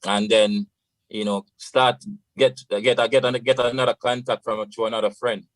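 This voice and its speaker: A man's voice: mid-range voice, flat delivery, normal speed, no echo, low-quality recording. A Jamaican man, a radio guest, tells a long story in a loose, casual way, slipping into patois and saying "you know" often. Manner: rambling, full of "you know" and patois phrases.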